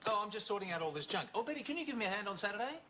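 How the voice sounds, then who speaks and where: A man's voice: sits high, sing-song, racing, exaggerated voice. An actor playing a fussy, quipping middle-aged father in a sitcom, exasperated and full of jokes. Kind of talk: sitcom acting. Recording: old TV tape with loud hiss.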